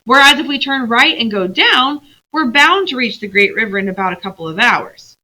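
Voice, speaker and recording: A blunt, doubting male dwarf who lays out plain practical reasons, read aloud by a woman. The voice stays close to the reader's own, bright and lively. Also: fairly high pitch, moderate pace, voice pushed up, exaggerated voice, rough recording.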